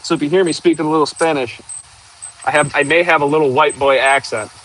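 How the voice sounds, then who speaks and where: A livestream host in his 30s from northern Michigan, USA, chats casually with his audience while working outdoors, rambling and laughing often. His voice is fairly high, fairly even and fairly bright, at a quick pace, on a low-quality recording.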